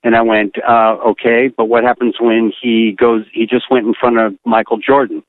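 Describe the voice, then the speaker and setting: A man's voice: mid-range voice, normal speed, dry recording. An older man, an animator, telling a candid story bluntly and acting out what others said. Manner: blunt, animated, acts out quotes. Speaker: animator guest. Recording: tinny phone-like line.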